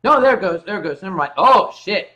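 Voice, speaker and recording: A man's voice: high-pitched, expressive, fast talker, pushed and bright, muffled recording. A tipsy man hosting a casual drinking livestream, reading out viewer messages and joking around. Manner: reads viewer messages aloud, joking and rambling. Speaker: livestream host.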